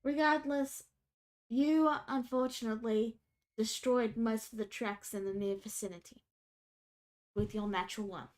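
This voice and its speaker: A woman runs a tabletop game, describing creatures and outcomes in casual narration. Her voice sits a little high. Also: steady tone, measured pace, darkish tone. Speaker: game master.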